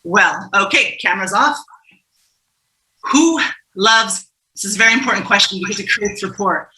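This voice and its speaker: A woman's voice: mid-range voice, expressive, normal speed, pushed and bright. Woman facilitator, upbeat and playful, calls on people by name; video call audio in an echoey room. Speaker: facilitator leading a warm-up game.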